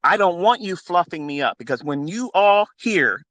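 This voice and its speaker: A middle-aged man speaks into a phone with a fervent, preachy intensity, slipping easy swearing in among talk of faith. His voice sits a little high for a man. The sound is dry and close, with no room around it. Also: expressive, moderate pace, fairly bright tone, dry recording. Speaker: trading mentor. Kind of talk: impassioned spoken monologue.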